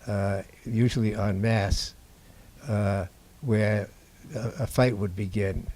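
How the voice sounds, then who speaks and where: An older man from Boston, a documentary filmmaker telling stories to an audience in a halting, unhurried way. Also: fairly low pitch, steady tone, a little mellow. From Boston, USA. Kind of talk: anecdotal talk to an audience. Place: indoor screening before an audience.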